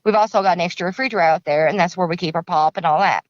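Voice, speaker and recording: A woman's voice: on the low side, very fast, no room sound, dull audio. A middle-aged woman, a guest casually telling a long story, rambling and repeating herself in plain country grammar. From Kentucky. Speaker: guest recounting an encounter.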